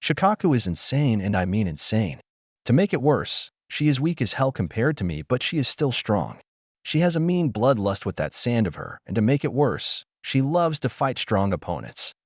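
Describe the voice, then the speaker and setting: Brief: male reader doing a blunt demon woman's voice, dry close read, animated lilt. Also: mid-range voice, normal speed, dry recording. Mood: grim. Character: insane sand-loving female demon spirit. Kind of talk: fan fiction audiobook reading.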